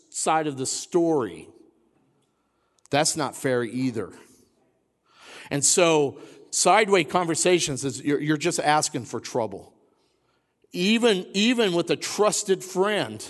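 Male pastor, slightly raised pitch, conversational sermon, repeats phrases, church hall reverb. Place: church sanctuary.

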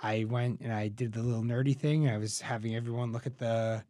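A man talks through a story on a food radio show, rambling and restarting with dry jokes. His voice is at a middle pitch. The studio mic gives a dry, close sound. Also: fairly even intonation, brisk, dark tone, dry recording. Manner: rambling, self-correcting, dry humor. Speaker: co-host. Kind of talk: casual radio chat. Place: small podcast studio.

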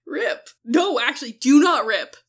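A woman's voice: a little high, expressive, brisk, fairly bright tone. A tired woman co-hosting a casual history podcast, laughing often, swearing and acting out quotes. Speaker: podcast co-host.

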